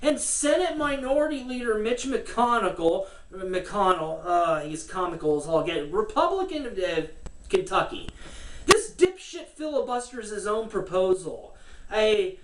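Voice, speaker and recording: A woman's voice: mid-range voice, sing-song, measured pace, far from the mic. A woman giving casual, sarcastic political commentary, cursing and laughing as she rants. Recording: roomy echo, from the mic, faint noise.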